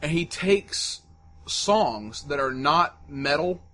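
A man co-hosts a casual podcast, telling stories in an animated, chatty way. His voice is bright and sits a little high. Faint background noise hums under the recording. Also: takes it slowly. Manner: chatty, animated storyteller, laughs often. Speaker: podcast co-host. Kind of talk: casual chat.

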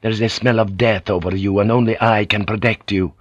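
A man's voice: lowish voice, fairly even intonation, fairly quick, no room sound, lo-fi sound, close to an everyday voice. A man voicing a blunt, foul-mouthed male ship's pilot who talks in crude oaths. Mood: ominous. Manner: crude, oath-laden, scornful.

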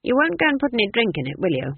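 A reader voicing a blunt, disapproving old witch who talks flatly and curtly. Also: fairly high pitch, racing, slightly rough, no room sound, voice pushed up, full character voice. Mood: stern. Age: older. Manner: flat, curt and disapproving. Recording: tinny, dry phone-like audio.

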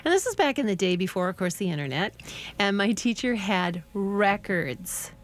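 A woman, a French teacher, chatting as a guest on a radio show and telling stories with a lively, laughing manner. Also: mid-range voice, moderate pace. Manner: chatty storyteller, laughs often. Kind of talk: casual radio interview chat.

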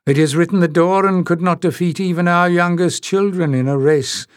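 Audiobook figure: man playing a proud, scornful piper elder, higher-pitched, clipped and forceful, dry close sound. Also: moderate pace, dry recording, close to an everyday voice. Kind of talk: audiobook character reading.

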